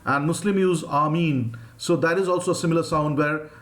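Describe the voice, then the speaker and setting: A man's voice: fairly high pitch, fairly quick, fairly bright tone, echoey room. A man with an Indian English accent teaching an online phonetics lesson, patiently modelling sounds for students to repeat.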